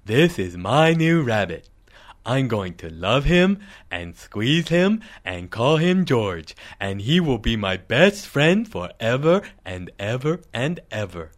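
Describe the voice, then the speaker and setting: A man's voice: medium pitch, very animated, slow. A man voicing a childlike character gushing over a pet in a sing-song way. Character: doting childlike pet lover.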